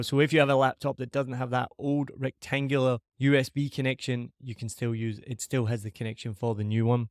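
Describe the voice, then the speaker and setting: He's a podcast host from Scotland with a mid-range voice, casually and cheerfully reviewing a microphone while poking fun at himself. The audio is studio quality with no room sound. His setup is a dynamic microphone on a boom arm in a big, empty, shiny-surfaced living room.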